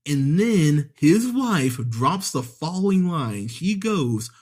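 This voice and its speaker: A man's voice: medium pitch, expressive, unhurried, darkish tone. A man ranting through a sarcastic, profane movie review on a podcast, with exasperated asides and mocking impressions.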